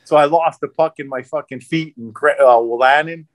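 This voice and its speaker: A man's voice: on the high side, normal speed, dry recording. A middle-aged man, a former hockey enforcer, telling profane stories in casual chat and acting out what others said. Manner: profane, animated storyteller acting out quotes. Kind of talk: casual storytelling. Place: podcast studio.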